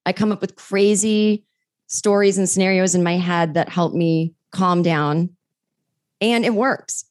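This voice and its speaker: A woman's voice: on the low side, unhurried. A woman who is a comedian guest on a podcast, chatting casually and acting out the voices in her stories. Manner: animated storyteller who acts out quotes.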